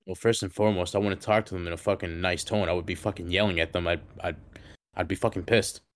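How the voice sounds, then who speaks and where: Blunt, sweary low-voiced man. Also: fairly even intonation, fast talker. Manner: blunt and profane. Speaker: podcast co-host. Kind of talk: casual chat.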